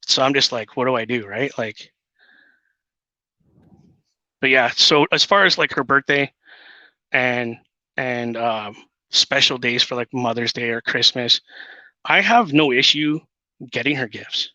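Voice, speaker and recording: A man's voice: medium pitch, unhurried, pauses often, sharp tone, no room sound. A man talking earnestly and emotionally as a guest father in casual chat. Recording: dull lo-fi sound.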